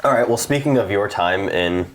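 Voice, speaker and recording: A man's voice: on the low side, lively intonation, moderate pace, slight background noise. A man hosting a podcast, prompting his guest with short questions and reactions. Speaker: podcast host. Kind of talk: casual podcast chat.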